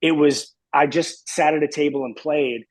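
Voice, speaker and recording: A man's voice: a little high, fairly even intonation, normal speed, no echo, poor audio. A man in his fifties, a podcast guest reminiscing in casual chat, hesitant and rambling with many fillers.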